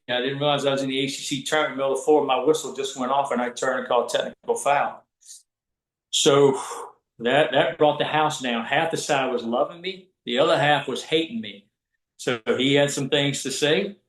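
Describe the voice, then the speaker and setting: A college basketball referee from Southwest Virginia tells stories in a casual podcast chat, animatedly acting out the voices of people he quotes. His voice is mid-range, and the recording is rough and roomy.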